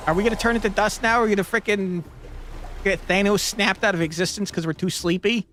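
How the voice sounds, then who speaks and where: A man streaming a tactical board game, commentating as he plays and often swearing and yelling at the game in frustration. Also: sits high, fairly even intonation, fast talker, soft background music. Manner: exasperated, swears and yells at the game. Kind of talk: gameplay commentary.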